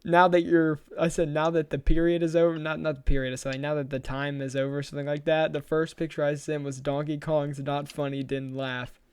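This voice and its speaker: A man's voice: on the high side, flat delivery, fairly quick, few pauses, darkish tone, smooth, dry recording. A young man on a podcast, casually rambling through a story and laughing often as he talks. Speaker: podcast co-host.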